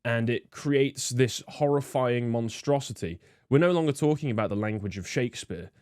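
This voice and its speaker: A man's voice: mid-range voice, moderate pace, a little mellow, smooth, no room sound, clean studio sound. A man hosting, giving disdainful political commentary with many fillers. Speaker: host.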